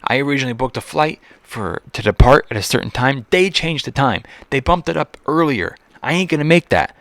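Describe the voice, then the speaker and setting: A man hosts his own comedy podcast alone, venting about companies with a steady stream of curse words and stumbling restarts. His voice sits at an ordinary middle pitch. The sound is dry and close, with no room echo. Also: brisk. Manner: profane, exasperated ranting with frequent restarts. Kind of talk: solo podcast rant.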